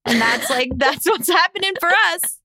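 A woman co-hosting a podcast, with a high, bright voice and a chatty storyteller's flow, laughing easily. The sound is dry and close, with no room to it. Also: animated, normal speed, no echo. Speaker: podcast co-host. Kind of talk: casual chat.

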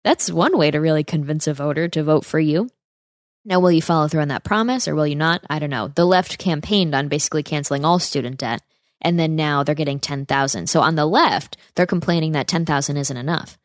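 Woman podcast host, low voice, dry close sound, punchy sarcastic commentary. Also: fairly quick, no echo. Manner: emphatic, sarcastic rhetorical questions. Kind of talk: political commentary monologue.

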